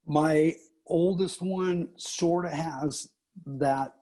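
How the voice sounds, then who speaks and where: Husky middle-aged guy telling wild teacher stories, jumps way up in pitch when he does other people. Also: very slow. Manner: animated, acts out quotes with big pitch jumps. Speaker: teacher and coach, guest. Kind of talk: casual storytelling interview.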